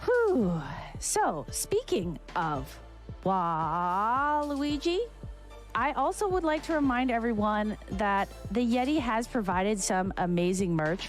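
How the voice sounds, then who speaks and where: A woman hosting a live charity stream, bubbly and enthusiastic as she talks to chat. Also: medium pitch. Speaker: charity marathon host.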